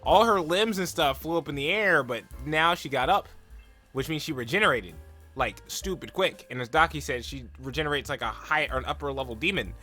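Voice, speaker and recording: Young guy rambling through an anime recap, bright voice, tons of likes and ums, does little voices for the characters. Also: a little high, expressive, faint music behind. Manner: rambling, filler-heavy retelling, full of "like" and "um"; acts out characters' lines in quick put-on voices. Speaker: anime reaction vlogger. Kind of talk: casual episode recap and reaction.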